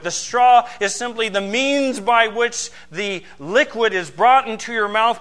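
A man preaching a sermon, emphatic, asking rhetorical questions and swinging between loud stresses and quiet asides. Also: high-pitched. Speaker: pastor.

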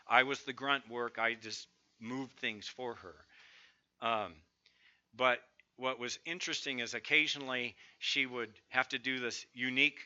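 A man's voice: medium pitch, pushed and bright, muffled recording. A middle-aged man preaching a sermon, emphatic and building lists of strong words. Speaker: pastor.

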